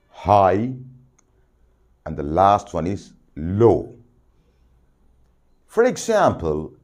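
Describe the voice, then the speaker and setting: A man teaches soft skills in a measured way, returning to key phrases for emphasis. His voice is mellow and somewhat low. His pitch rises and falls widely while he speaks slowly. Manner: deliberate, repeats phrases for emphasis. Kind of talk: spoken lesson to camera.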